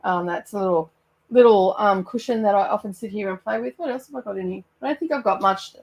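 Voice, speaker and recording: A woman's voice: mid-range voice, fast, darkish tone. Chatty Australian woman hosting a stream. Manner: chatty, reads out viewer comments, laughs often. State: sluggish and tired. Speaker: channel host running a reading sprint livestream. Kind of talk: casual livestream chat. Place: home room by her bookshelves.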